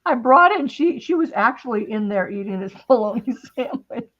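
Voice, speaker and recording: A woman's voice: a little high, animated, a little fast, muffled recording. A woman hosting a casual craft-and-chat stream, telling a long story in a rambling way with many restarts. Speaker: host.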